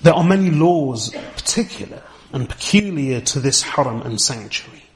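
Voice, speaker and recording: Measured man teaching a religious lesson. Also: medium pitch, expressive. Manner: deliberate, explanatory, with careful Arabic terms. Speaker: Islamic teacher.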